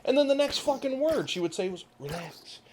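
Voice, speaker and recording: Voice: high-pitched, lively intonation, fast, a little mellow, slight background noise. A gaming channel host ranting casually over gameplay, rambling and swearing freely, with frequent laughs.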